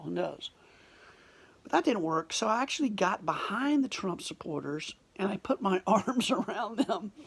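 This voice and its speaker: A man's voice: on the high side, gravelly, breathy edge. A man telling a personal story in an earnest monologue, often dropping to a whisper and restarting his sentences. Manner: restarts and repeated words.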